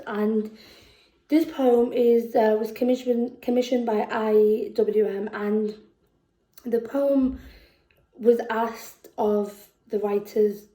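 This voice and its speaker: A woman with a Scouse accent performing spoken word poetry, slow and deliberate, with emphatic repetitions. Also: a little high, mellow, roomy sound, poor audio. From England. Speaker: poet. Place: festival venue indoors.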